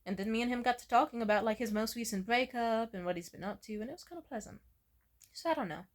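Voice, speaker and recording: A woman's voice: a little high, fast. A young woman telling personal stories in a casual confessional vlog, candid and rambling, swearing freely and filling her talk with "like". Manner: candid, rambling, profane, full of "like". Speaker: vlogger.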